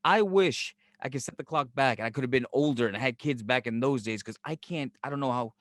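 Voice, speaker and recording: A man's voice: mid-range voice, a little fast, no echo, studio quality. A middle-aged man with a New York accent, co-hosting a podcast, blunt, profane and sarcastic. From Brooklyn, New York. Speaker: podcast co-host. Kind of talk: casual chat.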